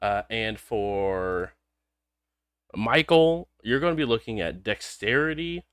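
Animated game master man. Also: on the low side, slow, clean tone, no room sound. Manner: laid-back, amused, animated. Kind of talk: narrating a tabletop game.

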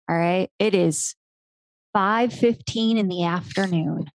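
Animated, storytelling woman podcast host. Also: lowish voice, slow. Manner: animated storyteller, playful analogies, mild swearing. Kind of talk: casual interview chat.

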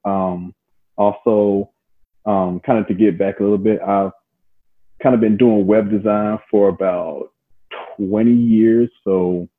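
A man's voice: fairly low pitch, narrow, tinny audio. A man in his forties, a web developer guest on a podcast, talking in an easygoing way with laughs and frequent ums. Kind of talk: casual interview chat.

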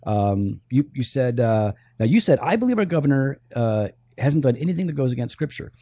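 A man co-hosting a church talk show, answering listener questions in a casual discussion, animated and thinking aloud with restarts. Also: mid-range voice, a little fast, no echo.

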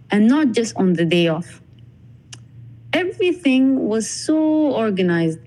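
A young woman from Sudan, a podcast guest, telling her story in a measured, reflective way. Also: mid-range voice, dark tone, rough recording. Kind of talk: casual interview talk.

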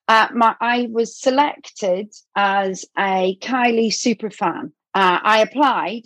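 A woman with an Irish accent, a podcast guest telling a story with lively energy and acting out the quotes. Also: medium pitch, takes it slowly, few pauses, dry recording. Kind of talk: animated anecdote-telling.

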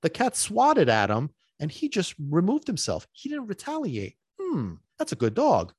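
A man's voice: high voice, wildly swooping pitch, moderate pace, a little mellow, slightly rough, dry recording, studio quality, pitched above the performer's own voice, full character voice. A man putting on the voice of an impressed onlooker at a vet clinic, surprised and approving.

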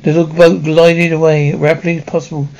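A man doing audiobook narration in a steady, plain reading with some stumbles. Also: a little high, fast. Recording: dull lo-fi recording.

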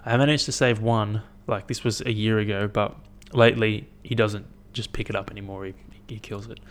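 A young man talking to camera in a casual, rambling monologue, blunt and swearing a lot as he thinks out loud. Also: lowish voice, steady tone, fairly quick. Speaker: vlogger.

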